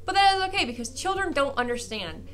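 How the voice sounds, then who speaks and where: A young woman vlogger telling a funny personal story in a casual, animated way, acting out the people she quotes and laughing often. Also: high-pitched, quick pace, a little hiss or hum.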